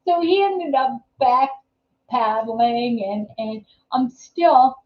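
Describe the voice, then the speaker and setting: A woman's voice: a little high, takes it slowly. A woman hosting a live chat show, telling a story casually with many fillers and restarts, laughing easily. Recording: echoey room, dull lo-fi sound.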